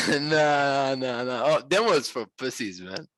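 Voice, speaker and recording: A man chatting on a voice call, excitable and self-mocking, swearing freely. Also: mid-range voice, a little slow, no echo. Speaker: caller on the voice chat. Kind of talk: casual chat on a voice call.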